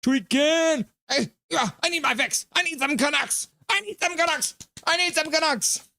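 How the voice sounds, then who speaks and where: A man's voice: extremely high pitch, moderate pace, gravelly, bright, forceful tone, no room sound, voice pushed up, full character voice. A man putting on a jittery, whiny hockey junkie. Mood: craving. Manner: whiny, repeating himself. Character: jittery male hockey fan craving his fix.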